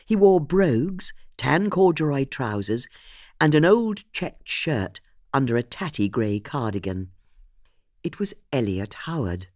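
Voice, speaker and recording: An audiobook narrator reading a mystery novel in an expressive, scripted way. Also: mid-range voice, no room sound, studio quality.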